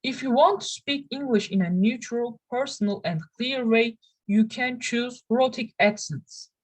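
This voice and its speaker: Young woman, Turkish native speaker, student presenter; slow, careful, stop-start delivery. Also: on the high side, poor audio. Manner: careful, halting delivery with restarts. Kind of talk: reading a class presentation.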